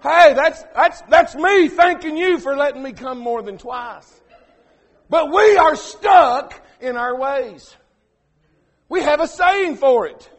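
A preacher, delivering a sermon that swings from quiet asides to shouted emphasis. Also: male voice, extremely high pitch, expressive, slow pace. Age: 40s.

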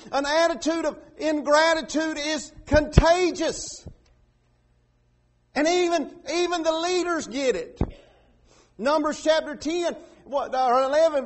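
High-voiced pastor preaching. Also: male voice, measured pace. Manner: folksy preaching with sudden loud acted quotes. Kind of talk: sermon.

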